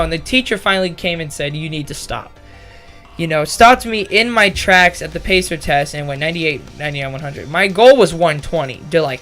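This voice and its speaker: A man's voice: a little high, pushed and bright. A young man casually telling a rambling story about his school year, often correcting himself and swearing. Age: young adult. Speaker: vlogger.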